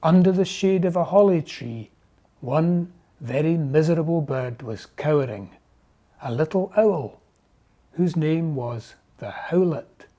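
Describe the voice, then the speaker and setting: Slow, mellow storybook narrator. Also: mid-range voice, expressive, muffled recording. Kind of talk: storybook reading.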